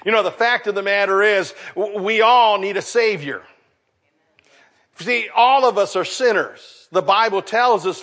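Male pastor, middle-aged, unhurried sermon delivery, high voice, emphatic then trailing off. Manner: preaching with rising emphasis and trailing soft endings.

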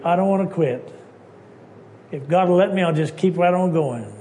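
A preacher from Texas, telling stories in an emphatic sermon that swings between hushed lines and loud ones. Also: male voice, high-pitched, normal speed, slight background noise.

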